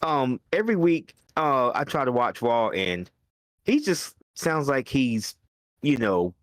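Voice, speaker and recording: A man's voice: medium pitch, takes it slowly, no echo, clean studio sound. A man co-hosting a wrestling podcast, chatting casually and laughing often. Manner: animated, laughing. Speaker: podcast co-host.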